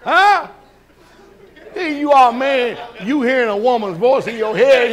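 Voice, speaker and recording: Man preaching a sabbath sermon, really high voice, folksy and lively, keeps asking the church questions. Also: unhurried, a faint crowd. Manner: folksy, animated, shouts and laughs; questions the congregation.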